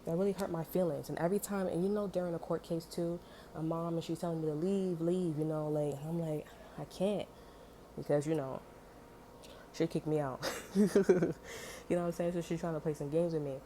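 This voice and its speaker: A woman with a low, mellow voice tells a story in a casual, heated monologue, speaking fairly quickly with fairly even intonation. She swears often and fills her talk with "you know" and "like," and there's slight background noise.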